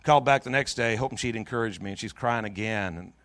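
A middle-aged man preaching in a church, telling a long personal story in a jokey, lively way with many restarts. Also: lowish voice, fast, no room sound. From Pacific Northwest of the US. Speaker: pastor. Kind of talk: storytelling sermon.

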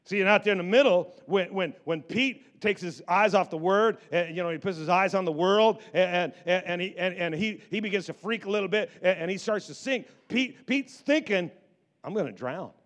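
A middle-aged man preaches from the pulpit in a lively, conversational way. He stumbles over and repeats words as he goes, slipping into quoted voices. His speaking voice sits somewhat high for a man. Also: a little fast, few pauses. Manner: animated, repeats words, acts out biblical quotes. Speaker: pastor. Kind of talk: sermon.

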